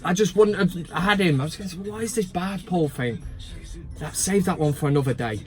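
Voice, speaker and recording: Male fan vlogger, raised pitch, sarcastic and sweary. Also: fairly quick, faint music behind. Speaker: fan channel host. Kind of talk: ranting casual vlog.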